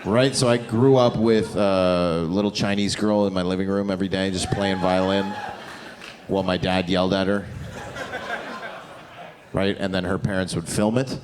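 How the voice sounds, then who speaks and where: A man doing a brash stand-up comedy set, tossing off deadpan asides. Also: sits low, normal speed. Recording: live comedy club with crowd laughter.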